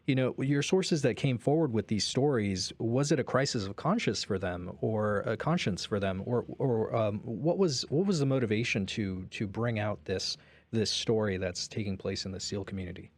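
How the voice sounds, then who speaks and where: A man with a somewhat low voice co-hosts a radio show. He asks the guest a long, hesitant question, full of fillers and restarts. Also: animated, normal speed, a little mellow. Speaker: radio co-host. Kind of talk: interview question.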